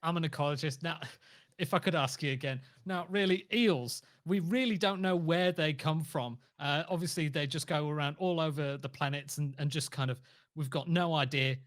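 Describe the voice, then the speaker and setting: A man's voice: a little high, moderate pace, fairly bright tone. A man playing a tabletop game, eager and earnest, gushing questions like a fan. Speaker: player. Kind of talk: in-character tabletop role-play.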